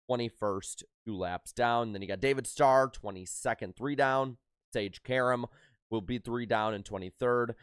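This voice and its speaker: A man's voice: medium pitch, a bit bright, smooth, no echo, studio quality. A man hosting a casual race recap podcast, running through results with frequent "uh"s and a slightly worn voice. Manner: rapid rundown of results with filler "uh"s. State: slightly worn voice after a concert. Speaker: racing podcast host.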